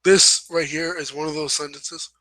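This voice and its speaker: A young man with a bright, forceful voice pitched a little high, talking through a writing lesson in a relaxed, rambling way. He stops to correct himself and apologize as he goes. The sound is dry and close, with no room echo. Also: normal speed. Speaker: host. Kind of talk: casual instructional talk.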